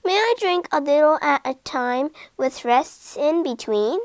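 A woman playing a tiny clever monkey from a storybook, speaking in a small, high, carefully polite voice. His words come slowly and evenly, and the recording is close and dry. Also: expressive, no room sound.

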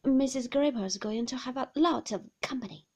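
A woman's voice: high-pitched, moderate pace, a little mellow, slightly rough, voice pushed up. A woman reading aloud, voicing a middle-aged nursemaid who coaxes a child with eager enthusiasm. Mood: coaxing, eager. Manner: coaxing, enthusiastic.

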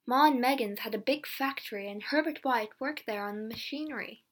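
Woman reading a story aloud. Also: a little high. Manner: slow, clear, simple reading. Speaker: reader. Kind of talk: scripted storybook narration.

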